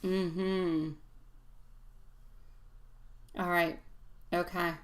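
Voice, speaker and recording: A woman's voice: fairly low pitch, flat delivery, drawn-out words. A woman giving a live-stream tarot reading, calling viewers sweetie in an affectionate, reassuring way. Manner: affectionate, calls listeners sweetie; soothing, reassuring advice. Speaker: tarot reader.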